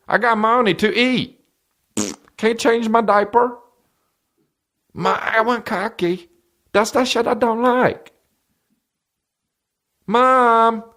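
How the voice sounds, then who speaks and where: A whiny, spoiled little boy, put on by a man in a comedy podcast bit. The voice is pushed up high into a childish whine. It pleads and complains in a bratty sing-song. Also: creaky, pushed and bright, exaggerated voice.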